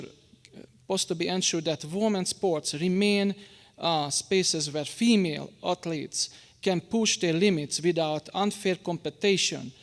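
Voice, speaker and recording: A tired man with a Hungarian accent, speaking haltingly and apologetically as a public commenter at a school board meeting. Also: fairly high pitch, gravelly. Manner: halting, apologetic, many restarts. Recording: long reverb of a meeting hall.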